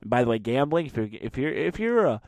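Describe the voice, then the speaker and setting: Male sports ranter, mid pitch, dry close sound, mocking, acts out quotes. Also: fast talker, no room sound. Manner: animated mocking rant with acted-out quotes. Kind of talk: ranting sports commentary.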